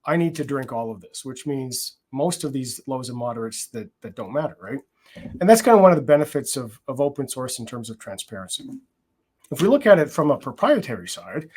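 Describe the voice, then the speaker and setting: A man's voice: on the high side, slightly rough. A man working in product security, explaining his approach in a conference conversation, with frequent fillers and restarts.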